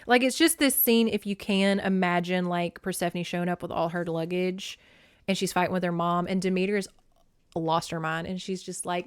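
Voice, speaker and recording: A woman's voice: on the low side, fairly even intonation, brisk, smooth, no echo, clean studio sound. A woman hosting a podcast, recapping a book in a chatty, joking way. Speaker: podcast host. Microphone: video podcast camera.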